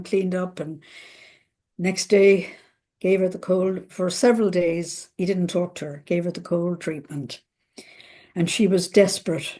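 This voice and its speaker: Woman, therapist, conversational storytelling, mellow voice, animated quoted voices. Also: medium pitch. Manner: acts out quoted voices with lively emphasis.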